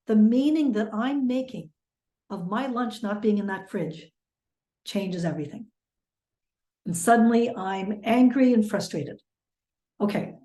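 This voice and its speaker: Lively woman teaching over a webinar. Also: a little high, roomy sound. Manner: lively, illustrates with everyday examples. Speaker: mediation trainer.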